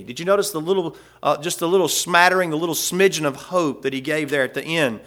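A man's voice: on the high side, quick pace, hardly any pauses, a bit bright. A man preaching a sermon in a folksy way, rising and swelling when he reads scripture aloud. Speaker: pastor.

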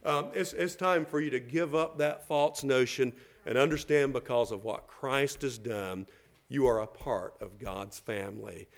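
A middle-aged man preaching a sermon as pastor, repeating words as he builds a point and swinging from loud calls to soft, tender lines. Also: mid-range voice, measured pace.

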